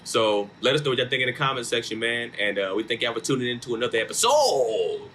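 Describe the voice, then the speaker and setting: A man's voice: medium pitch, expressive, fast, fairly bright tone, a little hiss or hum. A man hosting a casual podcast, talking in a loose, hyped and slangy way as he wraps up. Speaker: podcast host. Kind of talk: casual chat.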